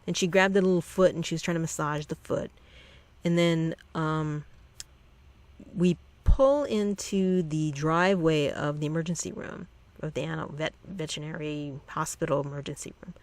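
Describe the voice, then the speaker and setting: This is a channel host's halting, meandering personal anecdote, full of restarted sentences, delivered at a medium pitch.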